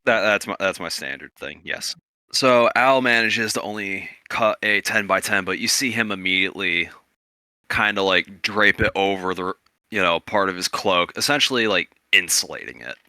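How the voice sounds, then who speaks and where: A man's voice: low voice, normal speed, sharp tone, clear, resonant tone, dry recording. A man narrating a tabletop game as game master, in a loose, searching way full of "like" and "kinda".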